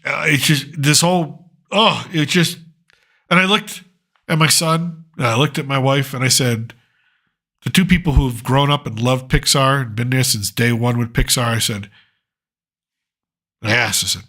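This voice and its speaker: A man's voice: medium pitch, moderate pace, sharp tone. A middle-aged man hosting a pop culture commentary show, ranting sarcastically and swearing freely. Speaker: host.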